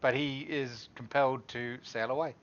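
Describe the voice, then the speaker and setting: A man's voice: medium pitch, steady tone, normal speed, lo-fi sound. A man playing a tabletop game over a call, reading out spell rules in a plain way. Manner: reads out spell rules, hums suspense music. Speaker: player. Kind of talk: casual chat over a video call.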